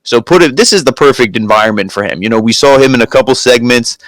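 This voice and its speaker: An opinionated man co-hosting a wrestling review, speaking in a middle pitch. His voice sounds dry and close to the mic, with no room around it, and he keeps acting out what the wrestlers said. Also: quick pace, no room sound. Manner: opinionated, acts out wrestlers' lines in quotes. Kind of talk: casual chat.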